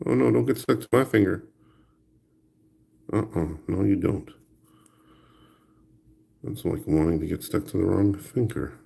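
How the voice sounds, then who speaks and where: A man with a deep voice that swings widely up and down, chatting casually while he works on a craft project. He talks to himself in a playful, rambling way and hums little tunes between remarks. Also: animated, measured pace, creaky, pauses often, dark tone, breathy edge. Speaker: crafting video host.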